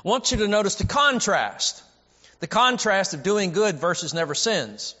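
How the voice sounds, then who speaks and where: High-pitched, pushed and bright, this preacher and Bible teacher speaks at a normal speed with lively intonation. His sermon is emphatic and repetitive, broken by stammers as he restarts phrases, captured in dull audio with long hall reverb.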